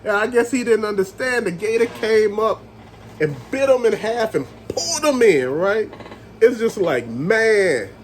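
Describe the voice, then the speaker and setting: A man reviewing a movie in a casual rant, retelling scenes with animated storytelling and calling his viewers family. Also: high-pitched, measured pace, a little hiss or hum, rough recording.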